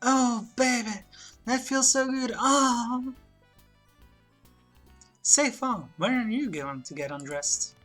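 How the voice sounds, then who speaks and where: A woman voicing an eager, hapless man on his wedding night in a comedy adventure game, moaning and over-eager, pitched above her own voice. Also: very animated, measured pace, few pauses, soft background music, heavily acted.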